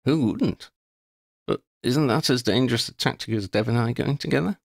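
Narrator doing a measured, tactful young man, polite and careful, storybook reading. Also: mid-range voice, creaky, dry recording, studio quality, voice pushed up.

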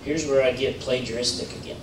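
A man giving an informal sermon in a church, talking in a conversational way with many fillers and restarts, rising into animated emphasis. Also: mid-range voice, fast, noisy background. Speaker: preacher. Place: church sanctuary. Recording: roomy church audio, mic at a distance.

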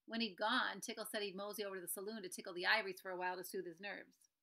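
Brief: woman reader, bright voice, storytelling with asides. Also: mid-range voice, steady tone, racing, poor audio. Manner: breaks in to explain the story. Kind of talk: reading a children's novel aloud with commentary.

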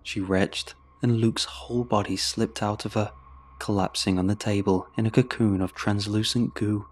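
A man narrating a horror story in a measured, steady way. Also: on the low side. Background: faint music.

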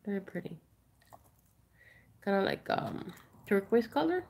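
A woman's voice: mid-range voice, big pitch swings, unhurried, creaky, a little mellow, slight background noise. A woman chatting casually while she shows and prices jewelry on a live sale stream. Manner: chatty, rambling, showing items up close. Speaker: online jewelry seller.

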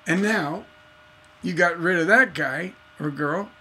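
High-voiced man teaching songwriting. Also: slow pace, breathy edge. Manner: animated storytelling, acts out voices. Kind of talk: casual instructional talk.

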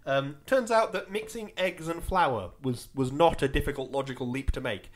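A man's voice: mid-range voice, normal speed, a crowd in the background. A man co-hosting a podcast in casual, sweary, rambling chat. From Britain. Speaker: podcast co-host.

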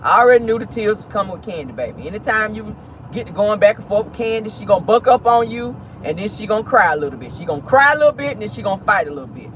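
A man's voice: sits high, big pitch swings, fast talker, a bit bright, poor audio. A man hosting a casual celebrity gossip vlog in a sassy, dramatic way, calling his listeners honey and baby. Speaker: host. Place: inside a car. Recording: car noise behind the voice.

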